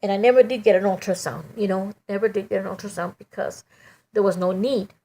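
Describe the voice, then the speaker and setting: In a dark-toned, mid-range voice, a middle-aged woman tells her personal story with emotion. She falters as she goes, repeatedly restarting and filling gaps with "you know."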